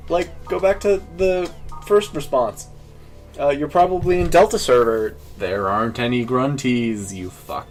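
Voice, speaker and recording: A man's voice: mid-range voice, a little slow, faint music behind. A man co-hosting a game review, wisecracking and teasing in crude casual banter. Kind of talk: casual gameplay commentary.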